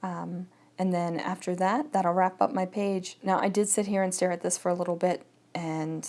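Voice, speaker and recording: Her pitch is fairly low and her tone darkish, with a flat delivery at a moderate pace. This scrapbooking vlogger chats through her crafting project in casual voice-over, voicing her thoughts as she works.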